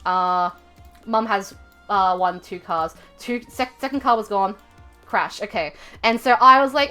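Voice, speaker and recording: A young woman livestreaming from home, telling a rambling story full of fillers and self-corrections in a chatty, expressive way. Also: medium pitch, a little slow, soft background music. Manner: chatty and expressive, laughing at her own story. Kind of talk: casual livestream chat.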